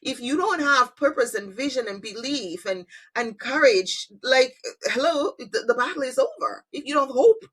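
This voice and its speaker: A woman's voice: high voice, expressive, normal speed, fairly bright tone, husky. A woman hosting a podcast, enthusiastic and affirming as she explains her own model. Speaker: podcast host and conflict analyst. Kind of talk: interview conversation.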